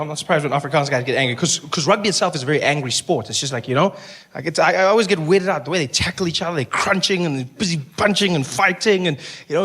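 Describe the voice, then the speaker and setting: A man from South Africa with a South African accent, doing animated, mock-indignant stand-up comedy. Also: on the high side. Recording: noisy live stage recording.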